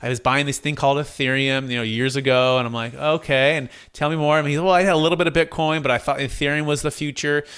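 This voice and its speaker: A man telling a client story in an interview, lively, acting out the voices of the people he quotes. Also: on the high side, fast talker, few pauses, clean tone. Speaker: guest, tax deferral advisor.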